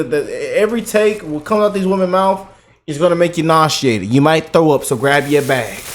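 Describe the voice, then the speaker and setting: A man giving an animated, mocking reaction commentary for his video channel, repeating himself for emphasis. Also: a little high, a little hiss or hum. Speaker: YouTube commentator.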